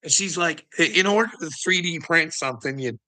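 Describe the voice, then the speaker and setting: A man's voice: a little high, fairly quick, pushed and bright. A middle-aged man telling a heated, profane story in a casual vlog rant, laughing often between lines. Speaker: vlogger.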